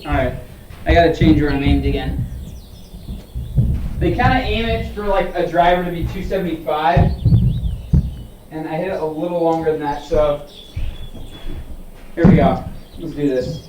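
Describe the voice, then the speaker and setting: A man's voice: fairly high pitch, moderate pace, pauses often, heavy background noise. A man streaming his golf simulator round, talking casually to himself and swearing bluntly as he urges his shots on. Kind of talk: casual live-stream self-talk. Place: indoor golf simulator bay. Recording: echoey room, distant mic.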